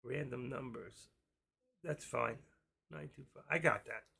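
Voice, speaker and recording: A man's voice: mid-range voice, a little slow, vocal fry, pushed and bright, slightly rough. A man hosting a live stream, chatting casually in a rambling, jokey and brash way.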